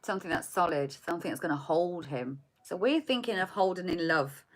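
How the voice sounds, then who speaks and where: Woman, tarot reader, lowish voice, gentle rambling delivery with restarts. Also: lively intonation, a little fast. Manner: soft, meandering, repeats words while searching for them. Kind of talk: spiritual tarot reading.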